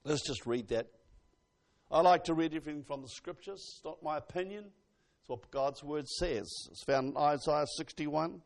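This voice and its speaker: Gravelly high-voiced male preacher. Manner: swings from hushed asides to loud exclamations; reads scripture slowly with emphasis. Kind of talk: sermon.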